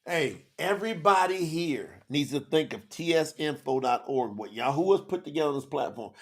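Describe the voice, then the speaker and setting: Brief: man, higher pitched, gravelly; emotional live-stream scripture teacher, teary, rallies the chat. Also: lively intonation, normal speed. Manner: emotional, preachy, talks to chat. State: teary and sweating.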